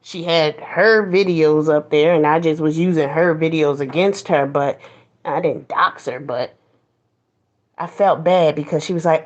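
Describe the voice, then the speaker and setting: A woman's voice: sits low, steady tone, measured pace, muffled recording. A woman host giving a blunt, preachy commentary monologue, mocking others in put-on voices.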